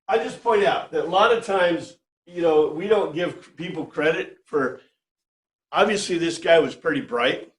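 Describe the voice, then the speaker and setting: In a roomy-sounding space, a man whose voice is on the high side leads an informal Bible study. He's conversational and animated, often asking "right?" to check in with the class.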